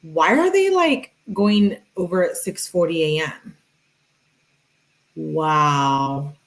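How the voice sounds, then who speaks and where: A woman's voice: on the low side, big pitch swings, measured pace. A woman streamer reading text messages aloud, breaking in with sarcastic comments and thanking viewers in the chat. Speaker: true crime streamer.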